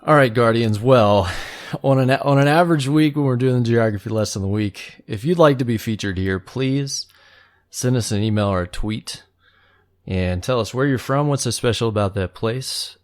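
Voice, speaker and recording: A man's voice: medium pitch, moderate pace. A man co-hosting a gaming podcast, chatting casually with dry jokes. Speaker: podcast co-host. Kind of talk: casual chat.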